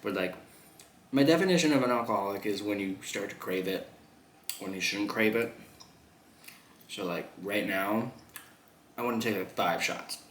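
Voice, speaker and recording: A man's voice: fairly low pitch, moderate pace, long pauses, a bit bright. A young man vlogging a mukbang, chatting loosely between bites, swearing and laughing often. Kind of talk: casual chat while eating. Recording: echoey room, faint background noise.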